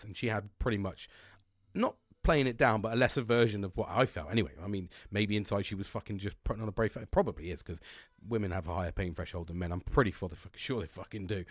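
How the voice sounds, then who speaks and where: A man's voice: on the low side, no echo, clean studio sound. A man telling a long casual story, rambling and swearing constantly as a podcast host.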